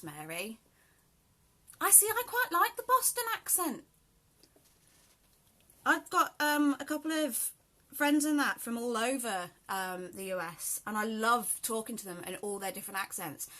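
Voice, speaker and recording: A woman's voice: a little high, pushed and bright. Chatty woman with a mixed southern and Yorkshire accent. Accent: southern English mixed with South Yorkshire. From southern England. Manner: chatty, greets live viewers by name. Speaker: sewing host. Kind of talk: live sew-along tutorial.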